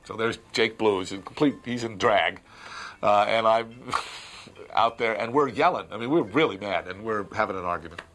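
A man in a candid interview, telling behind-the-scenes stories with animated retellings and laughter. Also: lowish voice, moderate pace. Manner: lively storyteller, acts out voices, laughs. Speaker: filmmaker recalling a production.

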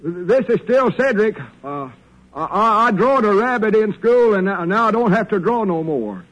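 An actor playing a simple, eager young country man, in a husky, stammering drawl, in 1940s radio acting. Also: high-pitched, animated, a bit bright, highs cut off. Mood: rambling. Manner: slow, stammering rural drawl.

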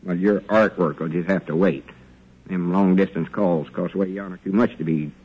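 An actor playing a folksy middle-aged country storekeeper, in an easygoing drawl, in 1940s radio acting. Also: male voice, low voice, fairly even intonation, normal speed, slightly rough, dull audio.

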